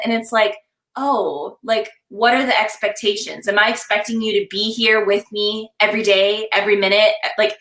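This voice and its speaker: A young woman with a bright, forceful voice talks in a lively, animated way and keeps breaking into laughter. She acts out short scenes as she chats. The sound carries some room echo. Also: mid-range voice, moderate pace. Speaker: confidence coach, guest. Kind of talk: casual live-stream chat.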